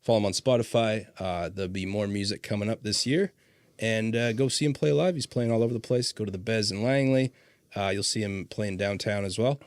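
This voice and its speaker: A man's voice: on the low side, brisk, no room sound. A man hosting a podcast, chatting casually, swearing freely and telling stories with laughter. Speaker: podcast host. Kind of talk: casual chat.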